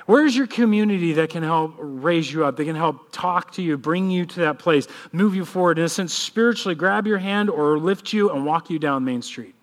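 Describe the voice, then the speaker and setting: A man in his thirties, a pastor, praying and then preaching with a lively personal story. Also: fairly high pitch, moderate pace, few pauses. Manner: animated storytelling, acts out kids' voices. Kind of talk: sermon with prayer and personal story.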